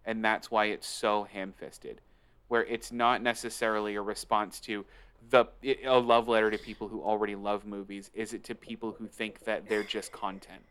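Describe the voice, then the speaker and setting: A man's voice: lowish voice, little pitch movement, normal speed, fairly bright tone, clean tone. A man co-hosting a casual movie podcast, teasing his friends and laying out a theory at length. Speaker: podcast co-host. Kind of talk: casual movie review chat.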